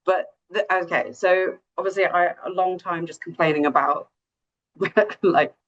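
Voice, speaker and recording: A woman's voice: lowish voice, unhurried, fairly bright tone. A woman co-hosting a podcast, talking in an eager, chatty way in casual conversation. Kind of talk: casual chat. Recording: dull lo-fi audio.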